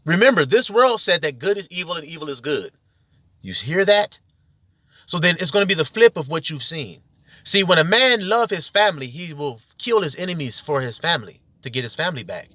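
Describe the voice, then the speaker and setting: A man delivering a heated, profane spiritual rant, preachy and confrontational, with sudden loud outbursts. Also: on the high side, sing-song, fairly quick, dry recording. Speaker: religious video commentator.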